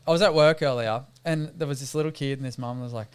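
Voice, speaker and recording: A man's voice: medium pitch, fast talker, clean tone. A man, co-hosting a casual podcast and telling a story while giggling. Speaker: podcast co-host. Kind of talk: casual chat.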